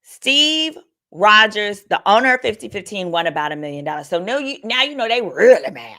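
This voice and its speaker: A woman's voice: medium pitch, very animated, brisk, sharp tone. A woman attorney hosting a casual livestream of legal commentary, talking candidly and reading viewer comments aloud. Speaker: attorney and host.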